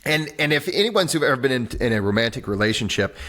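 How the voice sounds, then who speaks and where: Animated man explaining breathwork. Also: mid-range voice, quick pace. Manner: animated explainer, acts out little voices, many restarts. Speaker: breathwork teacher and author, podcast guest. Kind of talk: conversational interview on a podcast. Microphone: video call.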